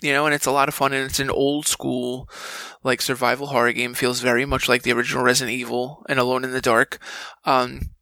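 A man telling a casual story in an animated way and acting out the people he quotes. His voice has a bright, forward tone with gravel and fry at the ends of his phrases. The sound is close and dry. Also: mid-range voice, fairly quick, few pauses, dry recording, poor audio. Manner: animated, acts out quoted dialogue. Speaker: guest, game voice actor.

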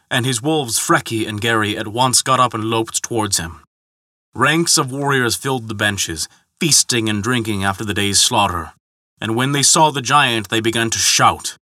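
A man narrating a myth in a measured, dramatic storytelling manner. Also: mid-range voice, lively intonation, pushed and bright, no echo, clean studio sound. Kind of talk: scripted mythology narration.

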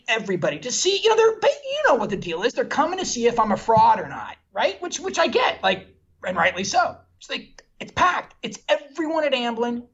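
Guest, male film director, husky voice, candid self-deprecating anecdotes, dull lo-fi recording. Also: high voice, fairly bright tone. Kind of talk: animated anecdotal storytelling.

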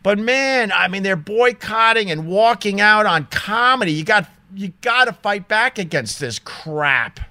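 Bright, high-voiced ranting man. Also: expressive, measured pace, hardly any pauses, dry recording. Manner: indignant, emphatic, swears freely. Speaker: vlogger telling a story. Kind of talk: casual ranting monologue. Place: small home studio.

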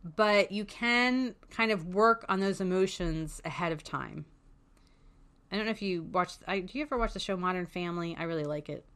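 Frank, lower-voiced woman giving advice. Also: normal speed, a bit bright, clean tone. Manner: candid, frank, swears freely. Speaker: parent advocate. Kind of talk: casual advice talk.

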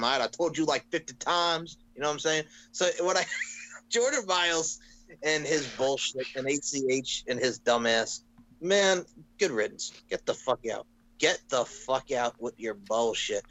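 A man co-hosting a casual wrestling podcast, talking in an animated, ranting way and swearing freely. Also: mid-range voice, rough recording. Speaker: podcast co-host.

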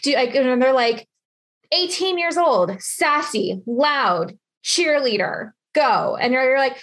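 A woman's voice: a little high, expressive, a little slow, a bit bright. A woman hosting a casual interview, talking in a bubbly, rambling way. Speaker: interviewer, podcast host.

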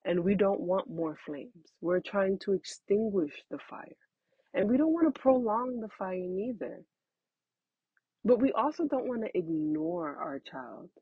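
Woman, husky, slow-paced, chatty parenting advice, dull close recording. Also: medium pitch, very animated, dry recording. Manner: earnest, chatty, laughs often. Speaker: parenting host. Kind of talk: casual advice talk. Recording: dull lo-fi sound.

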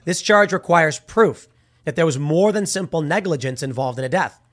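Slangy, argumentative man with a higher voice. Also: lively intonation, normal speed. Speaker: commentator. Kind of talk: casual opinion commentary.

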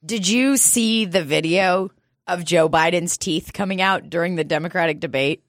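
A woman's voice: lowish voice, moderate pace, no room sound, clean studio sound. A woman co-hosting a comedy podcast in loose, laughing chat, swearing freely. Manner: swears a lot, laughs easily. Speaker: podcast co-host.

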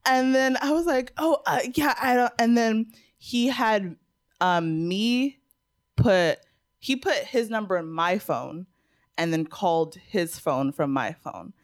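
A woman's voice: mid-range voice, takes it slowly. A young woman co-hosting a podcast, telling a story in casual chat and acting out what people said, often laughing. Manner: animated storyteller, acts out quotes, laughs often. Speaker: podcast co-host.

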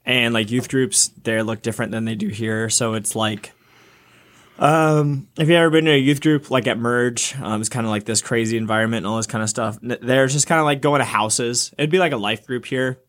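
A young man co-hosting a casual talk show, telling a travel story with lively acted-out quotes. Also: fairly quick. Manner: animated storyteller, acts out quotes with jumps in pitch. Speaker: podcast co-host.

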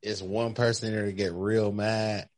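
A man's voice: fairly low pitch, level tone, measured pace, crowd noise. Man, joking, casual podcast chat. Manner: joking, acts out quotes.

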